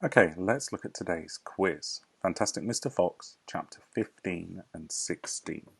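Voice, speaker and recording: A man teaching a recorded primary school English lesson, explaining tasks patiently and clearly. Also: deep voice, animated, a little slow.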